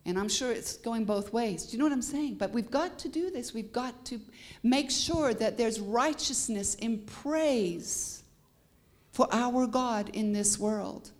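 A Canadian woman with a Canadian accent preaches a sermon as a guest, hitting emphatic rising peaks and slipping in bits of humor. Her voice is on the high side and her pace is measured.

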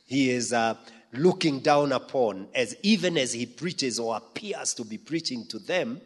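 A man preaching a sermon, emphatic, swinging from loud peaks to quiet asides. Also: medium pitch, lively intonation, unhurried, husky. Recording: long hall reverb.

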